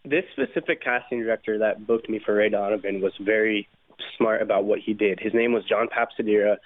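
A young man with a low voice, chatting easily on air as a guest actor. He comes through a tinny phone line, and he pads his speech with "um" and "like". He sounds relaxed and dry. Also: brisk, no echo. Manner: relaxed, casual, filler-heavy. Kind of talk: phone interview.

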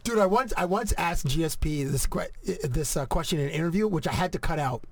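A man hosting a podcast in casual chat, asking quick questions and laughing easily. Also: fairly high pitch, lively intonation, dry recording. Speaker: podcast host.

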